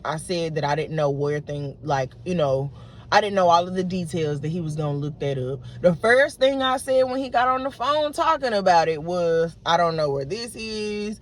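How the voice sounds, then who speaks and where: A woman's voice: lowish voice, slight background noise. Frustrated woman vlogger in her late twenties. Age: late 20s. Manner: frustrated, retelling an argument with many fillers and restarts. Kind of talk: unedited casual monologue to camera.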